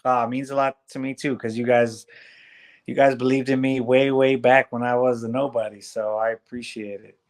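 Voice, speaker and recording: A man speaking as a guest fighter in a casual video-call interview, relaxed and halting, with many restarts. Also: mid-range voice.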